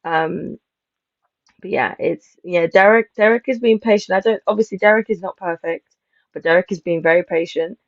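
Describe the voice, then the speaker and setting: A woman hosting a casual reality-show review panel, talking in animated, rambling bursts and laughing as she acts out quotes. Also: lowish voice, normal speed, creaky, no room sound. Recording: slightly dull lo-fi mic.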